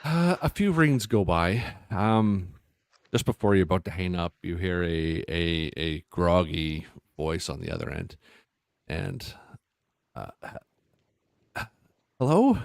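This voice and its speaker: Brief: deep, gravelly male game master, dry close sound. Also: unhurried, no echo. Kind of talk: narrating a tabletop game.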